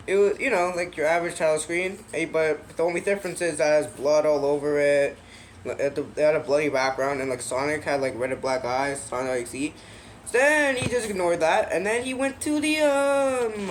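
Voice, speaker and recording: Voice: medium pitch, slight background noise. A speaker casually retelling a creepy game story, full of fillers, restarts and wry asides.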